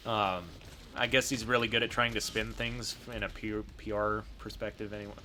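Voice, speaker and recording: A man co-hosting a geek news podcast in casual chat, who laughs a lot and reacts loudly with swearing. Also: lowish voice, level tone, moderate pace, slight background noise. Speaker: podcast co-host.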